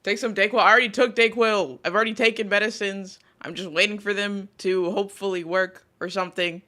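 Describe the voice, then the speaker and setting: A woman's voice: mid-range voice, steady tone, a little fast, pushed and bright. A woman VTuber host chatting casually with her live chat, talking through a sore throat as she comes down sick, swearing freely as she greets viewers. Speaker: VTuber streamer.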